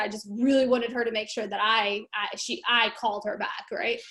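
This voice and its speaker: A woman hosting a group video call, telling a story in a chatty, animated way with laughs. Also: fairly high pitch, moderate pace. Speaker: meeting host.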